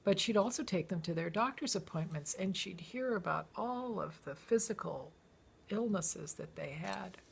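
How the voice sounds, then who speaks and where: Slight background noise accompanies a woman's medium-pitched, creaky voice at normal speed. She's reading her personal memoir aloud, storytelling with spirit, imitating the people she quotes and sometimes singing.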